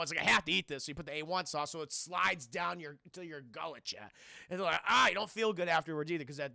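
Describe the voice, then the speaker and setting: Young man, New York accent, high gravelly voice, bright and lively, dry close mic, rambling profane stream chat. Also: no echo. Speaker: streamer answering viewer questions. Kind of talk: casual livestream chat.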